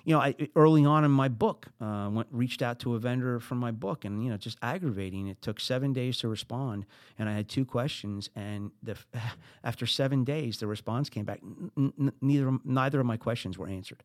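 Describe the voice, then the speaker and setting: A middle-aged man with a New Jersey accent hosting a podcast, giving business advice in an animated way with high emphatic bursts. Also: a little fast, no echo, studio quality. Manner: animated, acts out exasperated quotes, rising into high emphatic bursts. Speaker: podcast host.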